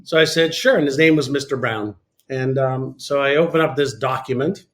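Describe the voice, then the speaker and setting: A man from Canada telling a candid personal story as an interview guest, animated and full of fillers. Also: mid-range voice, normal speed. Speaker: podcast guest.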